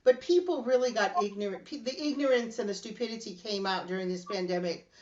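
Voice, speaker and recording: An animated middle-aged woman tells stories in relaxed podcast chat, breaking into laughter as she goes. Her voice sits at a middle pitch. The recording sounds a little muffled and lo-fi. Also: quick pace. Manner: animated storyteller, laughs often. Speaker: podcast host.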